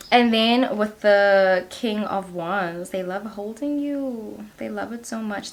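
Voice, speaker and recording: A woman's voice: mid-range voice, a little hiss or hum. Chatty woman doing a tarot reading. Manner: chatty, giggly, heavy use of 'like'. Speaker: tarot reader. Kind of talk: casual pick-a-card tarot reading.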